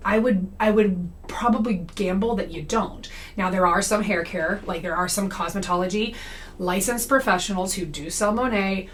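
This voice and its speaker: A woman's voice: mid-range voice, moderate pace, a little hiss or hum. A young adult woman giving a casual monologue about comedy and parody, talking conversationally and often checking in with "okay?" and "right?". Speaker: comedy creator and anti-MLM commentator.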